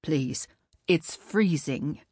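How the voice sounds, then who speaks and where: A woman voicing a charming, stranded young man with a deep, raspy voice and a slight British-Scottish lilt, in an audiobook. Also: unhurried, no echo, studio quality. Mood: pleading.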